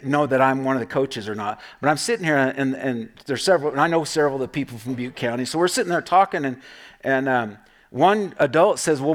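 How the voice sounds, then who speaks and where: A middle-aged man preaches as a pastor, his voice at a medium pitch. The sermon feels conversational and full of storytelling, with frequent quick "right?" check-ins directed at the congregation.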